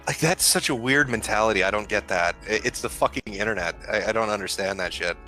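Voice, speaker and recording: A man's voice: fairly low pitch, fast, bright, forceful tone, soft background music. A man guesting on a casual livestream, starting over a lot and swearing bluntly. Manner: stammering restarts, blunt and profane. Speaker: stream guest.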